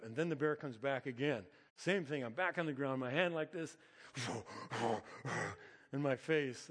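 A man's voice: medium pitch, in a large hall. Earnest middle-aged man preaching. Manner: animated, earnest storytelling with chuckles. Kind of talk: sermon-style storytelling.

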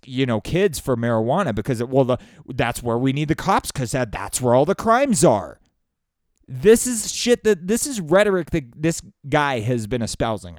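A man's voice: mid-range voice, darkish tone, dry recording, studio quality. A man delivering an emotional, pleading political rant full of swearing. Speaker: political commentator.

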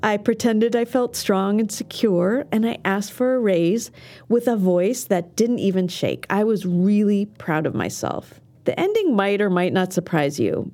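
Mellow-voiced woman coaching listeners. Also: mid-range voice. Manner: earnest, encouraging, coaching. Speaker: self-defense instructor and podcast host. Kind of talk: scripted podcast monologue.

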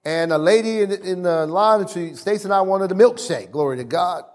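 A man's voice: high-pitched, brisk. A man preaching a sermon as pastor, repeating phrases and calling on the congregation to answer back.

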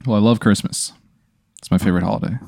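A man playing along in a casual role-play, asking quick, curious questions. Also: lowish voice, steady tone, creaky, warm tone, no echo, studio quality. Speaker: player.

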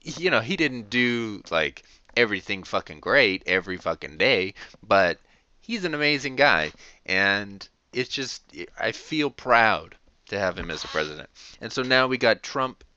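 A man's voice: lowish voice, sing-song, unhurried, pushed and bright, no room sound. A man hosting a podcast, venting in a rambling, profane, casual monologue full of fillers and short laughs. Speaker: podcast host. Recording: dull lo-fi recording.

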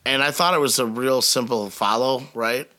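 Joking man with a bright voice. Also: mid-range voice, normal speed. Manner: crude, joking, laughs often. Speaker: podcast host. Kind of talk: casual podcast chat.

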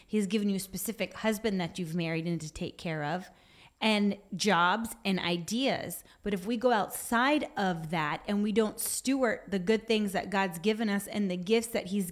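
A woman giving an earnest devotional talk, exhorting her listeners and reading from her notes. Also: mid-range voice. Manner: puts on a whiny voice for effect. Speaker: Christian speaker.

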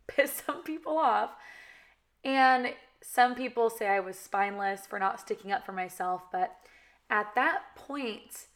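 A woman's voice: mid-range voice, fairly bright tone. A young woman from California with a valley girl accent, talking candidly and chattily to her viewers, full of "you know" and "like". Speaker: reality TV cast member. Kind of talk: candid direct-to-camera talk.

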